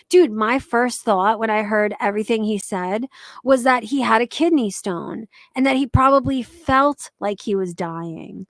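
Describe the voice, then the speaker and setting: A woman's voice: on the high side, moderate pace, no room sound. A young adult woman hosting a casual commentary stream, blunt and profane, reading out and answering viewer comments. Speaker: commentary channel host.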